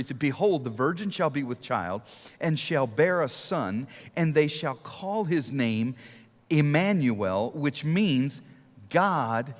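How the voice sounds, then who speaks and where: A middle-aged man preaching a sermon to a church, telling stories and asking rhetorical questions, sometimes dropping to a hush for emphasis. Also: a little high. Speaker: guest preacher. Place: large church auditorium. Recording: long reverb of a large hall.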